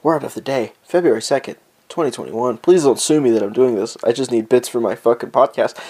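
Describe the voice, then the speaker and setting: A man's voice: medium pitch, a little fast, warm tone. A man hosting his own podcast alone at home, talking in a rambling, joking way, swearing often and drifting off topic. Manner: rambling, profane, joking, easily sidetracked. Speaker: podcast host. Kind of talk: casual solo podcast chat.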